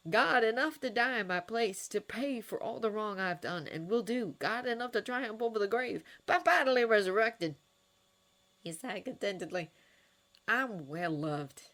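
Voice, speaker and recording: A woman voicing a kind, wry adult man who is a doctor and mentor, speaking earnestly and with gentle teasing. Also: on the high side, voice pushed up. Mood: tender.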